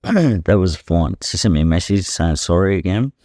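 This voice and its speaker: As a podcast guest, this young Australian pro boxer talks frankly and bluntly, cursing freely and leaning hard on "you know" as he tells stories. His deep, slightly mellow voice has lively intonation and a moderate pace. The sound is clean studio audio with no room sound.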